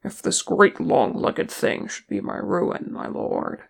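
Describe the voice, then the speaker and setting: A reader voicing a gruff, grumbling male dwarf warrior, loud and blustering in his complaints. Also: mid-range voice, steady tone, moderate pace. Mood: anxious.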